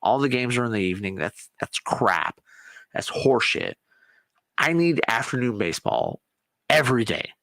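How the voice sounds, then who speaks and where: Excitable man in casual sports chat. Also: medium pitch, normal speed, gravelly, no room sound. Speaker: podcast host.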